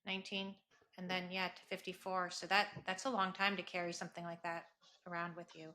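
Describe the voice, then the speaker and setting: A woman hosting a podcast, asking soft, sympathetic follow-up questions. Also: fairly low pitch, level tone, a little fast. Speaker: podcast host. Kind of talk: interview questions.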